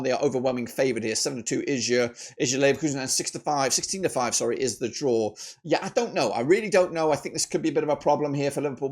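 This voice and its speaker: Animated man giving football predictions. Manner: animated, with frequent jumps in pitch and loudness; chatty, with filler "uh"s and self-corrections. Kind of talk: casual match-prediction commentary.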